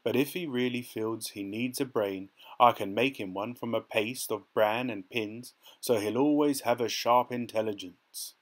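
A man voicing an old male wizard, booming at first and then sheepishly explaining himself. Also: measured pace, few pauses, close to an everyday voice. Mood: apologetic.

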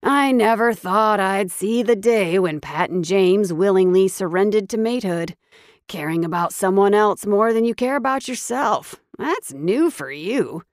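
A woman's voice: mid-range voice, a little slow, no room sound, studio quality, pitched above the performer's own voice, lightly acted. Woman voicing a teasing male best friend. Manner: calming, joking.

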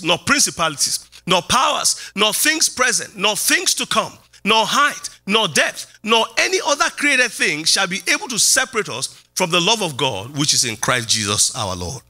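Lively, bright-voiced preaching pastor man. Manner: preaching with sweeping pitch jumps and repeated phrases. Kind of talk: sermon. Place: church hall.

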